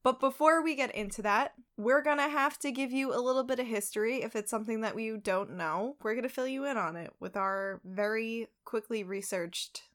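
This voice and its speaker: A woman's voice: fairly high pitch, moderate pace, few pauses, fairly bright tone. A young woman with a New York accent co-hosting a casual podcast, chatty and self-deprecating. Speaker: podcast co-host. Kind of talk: casual chat.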